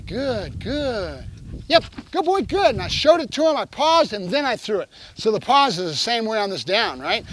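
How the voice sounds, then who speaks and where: A man's voice: high voice, a bit bright. Man explaining dog training over noise. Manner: coaching, talks to camera between cues to the dog. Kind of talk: explaining while training a puppy.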